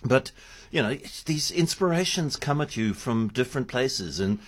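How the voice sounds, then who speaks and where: A man's voice: medium pitch, expressive, moderate pace. A man hosting a radio show, chatty and enthusiastic, talking in the studio. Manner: chatty, laughing, enthusiastic about food. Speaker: radio host. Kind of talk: radio talk show chat.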